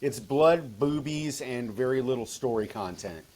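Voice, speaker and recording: A man's voice: medium pitch, a little slow, darkish tone. A man, a guest author chatting casually on a podcast, rambling with many restarts and repeats.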